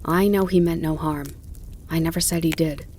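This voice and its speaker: A woman reading the part of an earnest male groom in an audiobook, speaking slowly and softly, then loudly and indignantly. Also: low voice, fairly even intonation, lightly acted. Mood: sorrowful, hushed. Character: kind earnest male groom, working man. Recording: faint crackling campfire behind.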